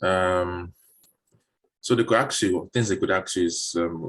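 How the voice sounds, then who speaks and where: In a relaxed virtual session heard over a video call, a man helps job seekers practice interview questions. His voice is deep and his delivery a little slow, and he frequently repeats words mid-thought.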